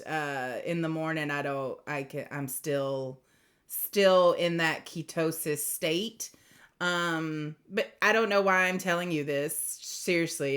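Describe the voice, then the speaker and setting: A woman giving a casual, rambling tarot reading, chatty and quick to laugh. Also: lowish voice, fairly bright tone. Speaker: tarot reader.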